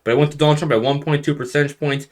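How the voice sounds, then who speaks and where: A man's voice: a little high, fairly even intonation, rapid-fire. A young man talking casually through election results on a map, often restarting his sentences and stressing surprises with rising emphasis. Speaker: political commentator.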